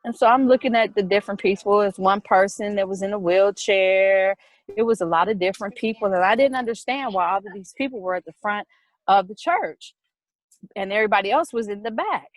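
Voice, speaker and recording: A middle-aged woman casually telling a personal story, animated, with quick repetitive retelling. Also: medium pitch, no echo, rough recording.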